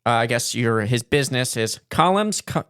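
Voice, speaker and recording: A man's voice: mid-range voice, expressive, normal speed, a bit bright, clean tone, no room sound. Chatty male podcast host, dry sound. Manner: chatty, loose ad-lib spiel with fillers. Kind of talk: casual chat and sponsor read.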